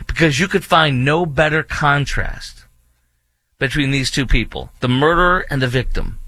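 A man's voice: fairly high pitch, moderate pace, sharp tone, no room sound. A man hosting an opinionated commentary monologue, indignant and repetitive, with many fillers and restarts. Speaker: political commentary host.

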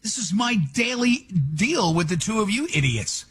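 A man's voice: high-pitched, big pitch swings, moderate pace, fairly bright tone, a little hiss or hum. A male radio co-host in casual studio banter, teasing and blunt with jokey interjections.

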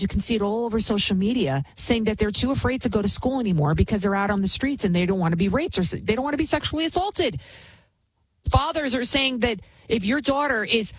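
A woman's voice: on the high side, breathy edge, no echo, rough recording. A woman hosting a commentary show, talking in a heated, emphatic and repetitive ranting manner while introducing clips. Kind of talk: opinionated commentary.

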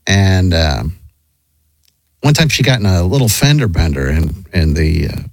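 A man's voice: sits low, very animated, a little slow, gravelly, no room sound. A middle-aged man casually telling a long, rambling story, with lots of restarts and acted quotes.

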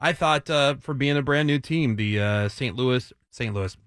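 A man's voice: mid-range voice, normal speed, clean tone, no room sound, studio quality. A man hosting a radio show, chatting casually and insisting on his points, often repeating words. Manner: emphatic, repeats himself when excited.

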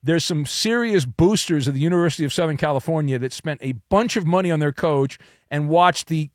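A man's voice: a little high, fairly quick, no room sound, studio quality. A man hosting a sports radio call-in show, teasing callers in a joking way.

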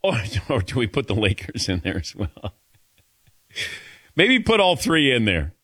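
Guy hosting sports talk, lively up and down voice, dry close sound, laughs a lot. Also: medium pitch, measured pace, slightly rough, dry recording. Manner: laughing, joking, animated. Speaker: sports talk show host. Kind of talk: casual radio chat.

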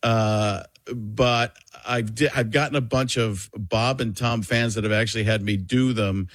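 A male comedian from Wisconsin, telling animated stories in a casual radio interview and often restarting his sentences. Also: fairly low pitch, unhurried, no room sound. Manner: animated storytelling, self-interrupting. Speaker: comedian guest.

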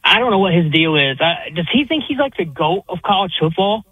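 A male caller over a phone line, with a high, husky voice. He argues emphatically and stumbles over repeated words. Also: big pitch swings, fairly quick, no echo. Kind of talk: call-in sports radio opinions.

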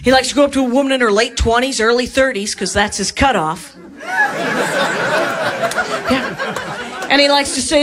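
A woman's voice: a little high, normal speed, pauses often, very noisy. A woman performing a stand-up comedy routine, telling stories and acting out the lines of the people in them. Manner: animated storytelling, acts out quoted lines. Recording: live club with crowd laughter. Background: audience laughing.

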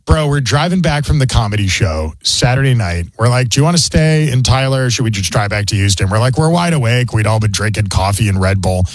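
Lively, animated male radio host. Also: mid-range voice, fairly quick, hardly any pauses, dry recording. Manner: animated storyteller, jokey. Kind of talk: casual radio banter.

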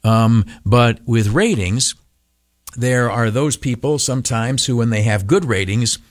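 A male radio broadcaster giving an animated motivational talk, often stopping on filler uhs and breaking into mocking high voices. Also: normal speed, no room sound, studio quality.

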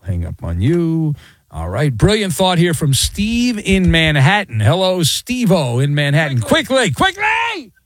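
A man's voice: fairly high pitch, very animated, unhurried, a little hiss or hum. A man hosting a call-in sports radio show, bantering playfully with callers. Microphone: studio microphone.

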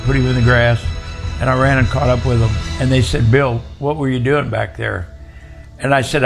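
A man's voice: mid-range voice, creaky. An older man telling a personal faith testimony in a plain, earnest way. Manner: plain, earnest storytelling, slow at times. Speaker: guest storyteller.

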